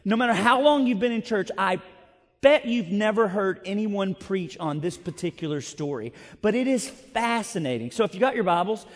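High-voiced pastor preaching in a reverberant hall. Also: male voice, moderate pace. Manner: conversational, self-deprecating, expressive. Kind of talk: sermon. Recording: long reverb of a large hall.

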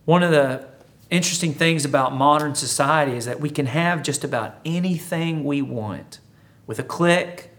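A man delivering a sermon in a loose, talkative manner, joking his way through an old story before turning it toward everyday life. His voice sits a little higher than most men's. He sounds like he is chatting with the congregation rather than lecturing them. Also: moderate pace, a bit bright. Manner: conversational, humorous storytelling. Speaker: pastor.

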